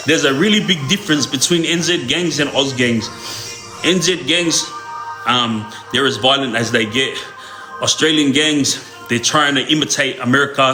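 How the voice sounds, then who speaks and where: A man's voice: mid-range voice, pushed and bright. A young man, telling stories on a live stream in loose slang, often laughing. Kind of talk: casual storytelling. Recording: echoey room with faint music.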